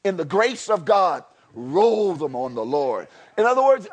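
A pastor preaches a sermon at a church service at a moderate pace. He leads the congregation in call-and-response, swinging between quiet, low lines and loud shouts.

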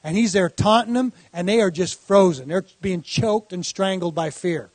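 A man with a high voice preaches an encouraging sermon in quick bursts. The sound is dry and close, with no room around it. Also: darkish tone, no echo. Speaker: pastor.

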